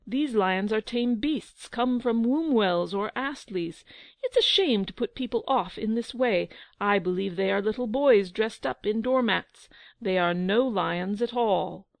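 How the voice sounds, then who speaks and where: A woman's voice: mid-range voice, a little slow, gravelly, no room sound. A woman reading the part of a haughty, scornful nobleman who scoffs and defies the king. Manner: scoffing, proud.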